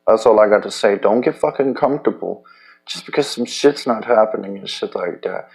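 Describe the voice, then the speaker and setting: A man talking in a loose, rambling personal monologue, profane and halting, with many restarts. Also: on the low side, gravelly, a little mellow. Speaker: vlogger.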